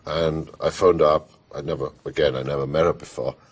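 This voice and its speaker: A man's voice: a bass voice, brisk. A man being interviewed about his work as a film composer, telling stories in a loose, rambling way with lots of fillers and restarts. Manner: animated anecdote telling. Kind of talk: casual storytelling interview.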